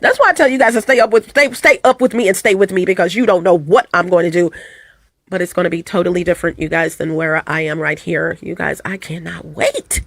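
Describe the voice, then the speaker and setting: Woman vlogger, hoarse, loose and repetitive, keeps calling out to her viewers. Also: fairly low pitch, steady tone, brisk. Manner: rambling and repetitive, addresses viewers as "you guys". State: hoarse from allergies and a cold. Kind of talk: casual chat to camera. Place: at home.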